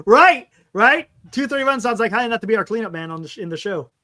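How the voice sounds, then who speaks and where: A man's voice: high-pitched, expressive, racing, pushed and bright. A man hosting a casual postgame fan talk show, frank and rambling, stumbling over player names as he reads stats. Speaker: fan podcast host.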